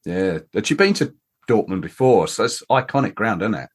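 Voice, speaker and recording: A man's voice: on the low side, animated, moderate pace, breathy edge. A man hosting a podcast who chats casually and asks his guest easygoing questions. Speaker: podcast host. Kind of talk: casual chat.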